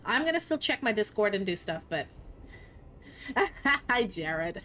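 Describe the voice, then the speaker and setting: A woman's voice: medium pitch, very animated, a little slow, a bit bright, slight background noise. A young woman streamer chatting casually with her viewers, often laughing and swearing, sometimes in a put-on Scottish accent. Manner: puts on a playful mock Scottish accent. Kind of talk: casual live-stream chat.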